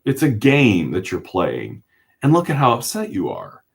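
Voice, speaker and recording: A man voicing a calm male therapist who reasons patiently with a patient, asking steady questions. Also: lowish voice, unhurried, vocal fry, full character voice. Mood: calm reasoning. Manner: patient, even-toned questioning.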